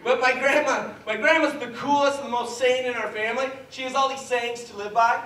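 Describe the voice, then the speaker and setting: High-voiced man doing stand-up on stage. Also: steady tone, brisk, bright, forceful tone, recorded from a distance. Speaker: stand-up comedian. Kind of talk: stand-up comedy set. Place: theater stage with live audience. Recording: echoey theater heard from afar, audience noise.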